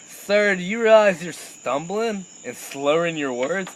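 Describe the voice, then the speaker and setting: A young man telling a crude, animated comic anecdote and laughing at his own jokes. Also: a little high, moderate pace, few pauses, slight background noise, low-quality recording. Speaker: storyteller.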